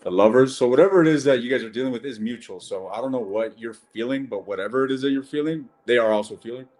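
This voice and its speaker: A man's voice: medium pitch, fast, a little mellow. A man giving a casual live-stream tarot reading, blunt and chatty, swearing and calling viewers ladies and gents.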